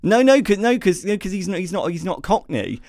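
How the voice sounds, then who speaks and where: A man's voice: sits high, sing-song, fairly quick, a little mellow, no echo, studio quality. A man co-hosting a podcast, sarcastically tearing into a movie with lots of ums and restarts. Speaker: podcast co-host. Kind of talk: casual film review chat.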